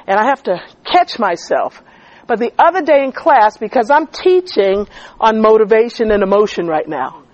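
A woman's voice: on the high side, moderate pace, no room sound, dull audio. A woman who is a teacher and former coach telling a story in a church-style talk, often checking that listeners follow her. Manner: animated preacher cadence, checking in with listeners.

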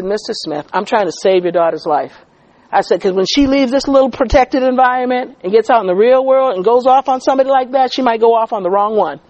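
A woman's voice: mid-range voice, dry recording, rough recording. A woman who is a teacher and former coach telling a story in a church-style talk, often checking that listeners follow her. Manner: animated preacher cadence, checking in with listeners.

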